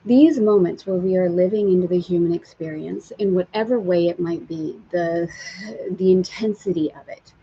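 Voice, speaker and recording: A woman's voice: fairly low pitch, normal speed, warm tone, husky, dull audio. A woman hosting a live stream from a sailboat, telling a candid story and reading viewer comments aloud. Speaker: spiritual teacher and live-stream host.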